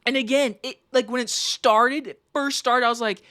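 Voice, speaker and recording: A woman's voice: a little high, steady tone, normal speed, sharp tone. A woman giving a casual, profane movie review in an exasperated, emphatic rant.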